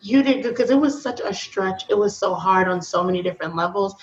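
A woman guest in a casual talk about faith, telling stories in a slangy, lively way with frequent laughter. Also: medium pitch, a little fast. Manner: animated storytelling with laughs. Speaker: podcast guest. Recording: dull lo-fi sound.

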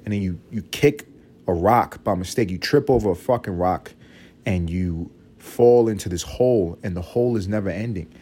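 A young man carries his podcast alone in a loose, profane monologue. He wanders from thought to thought and sometimes breaks into a shrill mock voice for effect. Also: moderate pace, background noise. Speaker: podcast host. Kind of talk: solo comedic podcast monologue.

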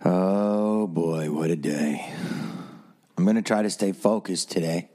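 A man's voice: deep voice, takes it slowly, dark tone. A man hosting a solo podcast, rambling through stories with a sarcastic edge. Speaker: podcast host.

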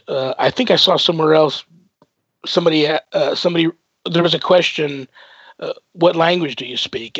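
Male radio host, gravelly and husky, loose rambling delivery, dull lo-fi broadcast sound. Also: on the high side, no echo. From United States. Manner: warm-hearted rambling with many fillers. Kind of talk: casual radio interview chat. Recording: dull dry lo-fi broadcast audio.

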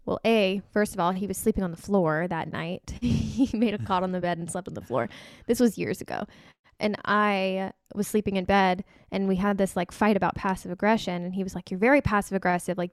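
A woman with a smooth, clear voice of middling pitch hosts a casual podcast chat, candid as she tells personal stories. The recording is dry and close. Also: a little fast, dry recording. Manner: candid, storytelling. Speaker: podcast host.

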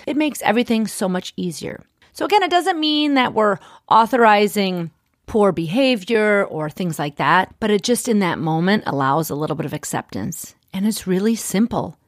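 A middle-aged woman and life coach hosting her podcast, talking in an encouraging, gently persuasive way. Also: medium pitch, no room sound, clean studio sound. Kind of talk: podcast monologue.

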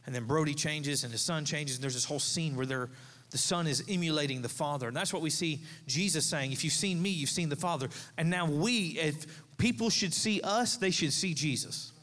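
A man's voice: on the high side, normal speed, a bit bright, big-room sound. A man in his thirties, a pastor, preaching a sermon in a conversational, storytelling way, with asides to the congregation. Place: church sanctuary.

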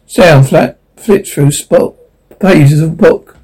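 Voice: medium pitch, slow pace, a little mellow, husky, rough recording. A reader reading an old radio drama script aloud, stage directions and speaker names included, with stumbles. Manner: reads cues and character names aloud with stumbles.

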